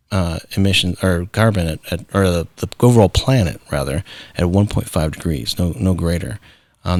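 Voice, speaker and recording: Low-voiced man telling animated stories. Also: dry recording. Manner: animated storyteller acting out quoted voices. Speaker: guest, founder and artist. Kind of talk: casual storytelling interview.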